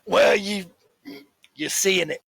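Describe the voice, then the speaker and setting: A man voicing a jovial bearded male tavern keeper who talks loudly and heartily across the bar. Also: high voice, slow pace, vocal fry, no room sound, pitched above the performer's own voice, exaggerated voice. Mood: chatty.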